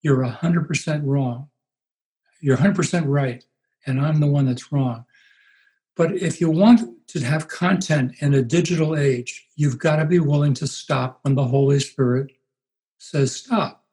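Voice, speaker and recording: Older man, unhurried pastor storytelling. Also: a little high, dark tone, rough recording. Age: 80s. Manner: unhurried, anecdotal, puts on voices for quoted people. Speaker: guest, pastor. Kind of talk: reflective interview storytelling.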